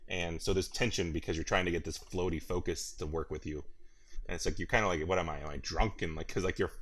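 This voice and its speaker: A man hosts a laid-back gaming podcast in a very low voice. He rambles, restarts his sentences and laughs often as he talks. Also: steady tone, fast, a bit bright. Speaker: podcast host. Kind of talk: casual gaming podcast chat.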